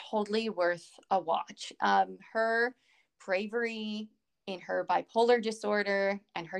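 A woman co-hosting a podcast, talking casually and circling back on herself with lots of "like" and "you know." Her voice has a gravelly, fry-edged texture. Her pitch sits at a mid level for a woman. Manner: rambling, many fillers and restarts. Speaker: podcast co-host.

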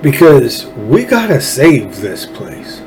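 A man's voice: mid-range voice, very animated, takes it slowly, a little mellow, a little hiss or hum, poor audio. A man with a Texan accent hosting a political commentary show, talking in a folksy, fervent, rambling way with frequent restarts. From Texas. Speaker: show host.

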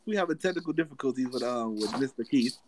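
Animated, profane man hosting a chat. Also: mid-range voice, quick pace, slight background noise. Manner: animated, profane, laughs often. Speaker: podcast host. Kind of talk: casual chat.

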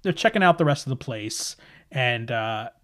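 A man's voice: mid-range voice, expressive, moderate pace, fairly bright tone. A man narrating a tabletop horror game as game master, in a casual, chatty way that trails off and restarts.

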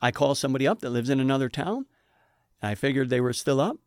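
A man's voice: medium pitch, lively intonation, quick pace, dry recording, clean studio sound. Earnest man giving a spoken testimony. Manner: earnest, emotional, preacher-like emphasis. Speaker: speaker giving a personal testimony. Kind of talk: personal testimony talk.

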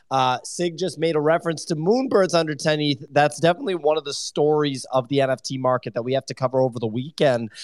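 A man's voice: a little high, dry recording, clean studio sound. A man hosting a live audio show, upbeat and steering the conversation between speakers. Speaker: host.

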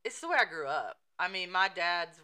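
Lady cohost telling teasing stories, bright voice that swoops up and down a lot. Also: lowish voice, moderate pace. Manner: teasing, animated storyteller. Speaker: podcast co-host. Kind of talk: casual chat, storytelling.

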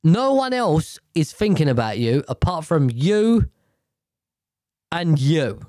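A man's voice: a little high, sing-song, takes it slowly, a little mellow, dry recording, studio quality. A man giving a blunt, profane, rambling rant about politics.

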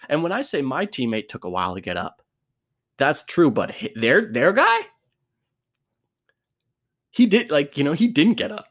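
A man's voice: on the high side, big pitch swings, moderate pace, long pauses, a bit bright. A young man telling a sports story casually, laughing often, swearing and restarting his sentences.

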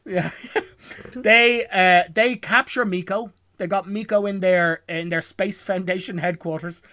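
A man's voice: high voice, fairly even intonation, unhurried, pushed and bright, dry recording, clean studio sound. A man recapping a film plot for his podcast co-hosts in a rambling, self-correcting way, chuckling often. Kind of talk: casual chat.

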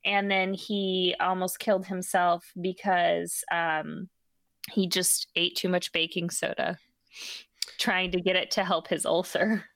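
A woman's voice: fairly low pitch, little pitch movement, slow, a bit bright, no room sound. A woman co-hosting a casual podcast who retells stories in a rambling way with lots of ums and likes. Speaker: podcast co-host. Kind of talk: casual chat.

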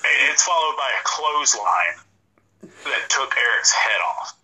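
A man's voice: medium pitch, lively intonation, measured pace, sharp tone, breathy edge, poor audio. A man co-hosting a casual wrestling chat, joking and rambling with frequent restarts. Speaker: podcast co-host.

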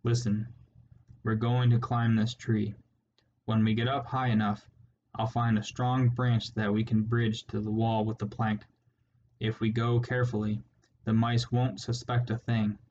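A man's voice: lowish voice, level tone, a little slow, a little mellow, natural voice. A man voicing a menacing, irritable male rat warlord who gives curt orders, in a slightly muffled recording with faint hiss. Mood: irritable, commanding.

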